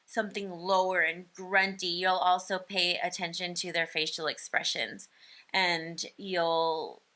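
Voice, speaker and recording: Woman, parenting educator; slow, unhurried delivery, bright tone, casual with filler ums. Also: fairly low pitch, fairly even intonation. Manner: explains slowly, many ums, imitates baby sounds. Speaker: speech-language educator. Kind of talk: informal parenting lesson.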